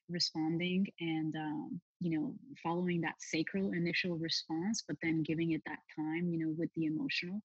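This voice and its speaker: Low-voiced woman host, meandering. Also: breathy edge, no echo. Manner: loose and meandering, many fillers, asks long winding questions. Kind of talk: casual interview chat. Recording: dull lo-fi, dry sound.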